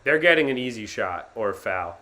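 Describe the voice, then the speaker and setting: A young man hosting a live sports reaction stream, swinging from gloomy muttering to excited yelling and talking to his chat. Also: fairly low pitch, brisk. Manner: talks to chat viewers by name.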